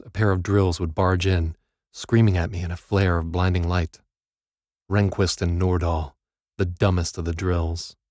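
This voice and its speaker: A man's voice: deep voice, a little mellow, no room sound, clean studio sound. A man reading a first-person audiobook in a grim, wry narrating manner.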